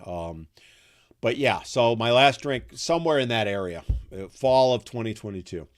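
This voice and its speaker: A man's voice: medium pitch, expressive, moderate pace. A man around sixty hosting a casual live chat, reading out viewer comments and rambling candidly with many ums and restarts. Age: 60s.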